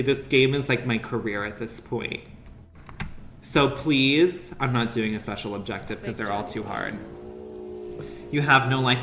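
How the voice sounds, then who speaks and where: A medium-pitched man with a sharp tone talks at a measured pace while streaming a game. He chats with viewers in a giggly, profane, campy manner. The audio is roomy, with faint music.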